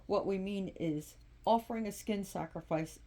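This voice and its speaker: In a spiritual vlog, a woman with a warm, mid-range voice casually explains oracle cards and ritual practice. She speaks haltingly, often restarting her sentences.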